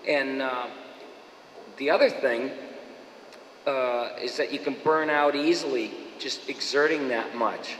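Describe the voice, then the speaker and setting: Animated man in an echoey hall. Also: medium pitch, slight background noise. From Boston. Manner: animated, slips into quick impressions. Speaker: voice actor at a fan Q&A. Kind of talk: casual anecdotal chat. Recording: echoey hall with long reverb.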